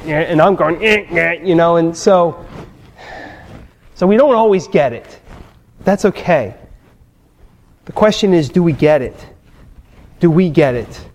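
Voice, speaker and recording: A man preaching a sermon, telling personal stories and repeating his key phrases with emphasis. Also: sits high. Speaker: pastor.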